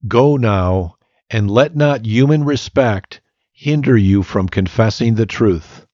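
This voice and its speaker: A man's voice: on the low side, slow, darkish tone, no echo. A man voicing a commanding older male priest in a read-aloud story, on a slightly muffled recording.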